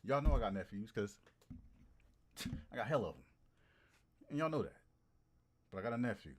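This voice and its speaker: A man's voice: on the low side, moderate pace, slight background noise. Guy streamer yapping to chat, voice all over the place, says stuff twice, lots of slang. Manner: animated and repetitive, repeating phrases for emphasis; slangy and profane. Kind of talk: casual chat to a livestream audience.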